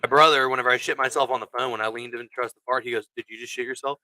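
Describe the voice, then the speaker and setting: A man hosts a casual podcast, telling crude stories with lively energy and plenty of swearing. His voice sounds bright and forward. The sound is close and dry. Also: mid-range voice, racing, dry recording, low-quality recording. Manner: crude, animated storyteller who swears a lot. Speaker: podcast host. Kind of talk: casual storytelling chat.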